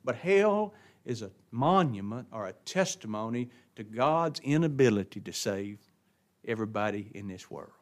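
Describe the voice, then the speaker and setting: A man preaching a sermon, swinging between loud emphatic stresses and quiet asides, often asking the congregation questions. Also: mid-range voice, expressive, normal speed.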